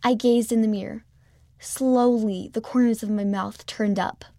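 A woman reading a children's story aloud in first person, with a gentle, expressive storytelling manner. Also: fairly high pitch, measured pace, vocal fry, dry recording, clean studio sound. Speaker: storybook reader.

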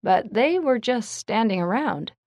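A woman narrating a children's story, reading it aloud in a clear, measured way. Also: fairly high pitch, animated, darkish tone, no room sound, studio quality.

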